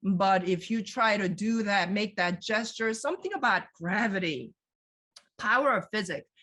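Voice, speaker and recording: A woman leading a live virtual museum tour over a video call, animated and questioning her audience, reading their answers aloud. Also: medium pitch, normal speed.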